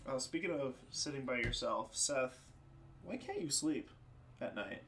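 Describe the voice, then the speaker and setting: Sardonic man, bright, off-mic. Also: medium pitch, lively intonation, a little slow, a little hiss or hum. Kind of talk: casual chat. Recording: distant mic.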